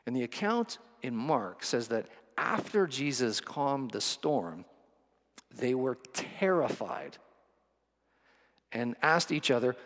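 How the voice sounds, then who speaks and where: A man's voice: mid-range voice, big pitch swings, slow, big-room sound. A male pastor preaching a sermon with vivid storytelling, acting out the quotes.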